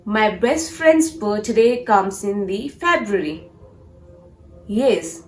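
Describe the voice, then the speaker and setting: A woman teaching pronunciation, repeating each word slowly and deliberately for practice. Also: mid-range voice, animated, echoey room, poor audio. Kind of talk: pronunciation lesson.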